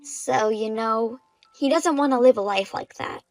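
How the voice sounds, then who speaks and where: A woman's voice: on the high side, measured pace, dry recording, faint music behind, poor audio. A woman voicing a shameless young bride-to-be who stays smug and unbothered.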